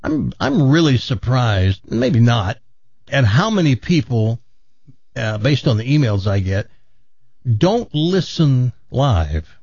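A man's voice: medium pitch, very animated, slow, darkish tone, husky, dry recording. A man hosting a radio show in casual chat, rambling and joking, with a put-on Southern accent. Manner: rambling, self-interrupting, joking. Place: radio studio. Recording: slightly muffled radio broadcast.

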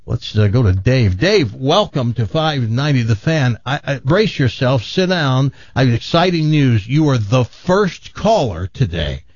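A man's voice: medium pitch, a little slow, few pauses, no echo. Sarcastic male radio talk host. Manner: wry, deadpan sarcasm. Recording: muffled radio broadcast audio.

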